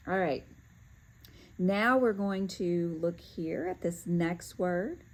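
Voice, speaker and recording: A woman teaching a lesson, talking through each step calmly as she works, with occasional fillers and self-corrections. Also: lowish voice, slow pace, rough recording. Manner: talks to herself while working through steps, with fillers. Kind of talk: step-by-step classroom demonstration.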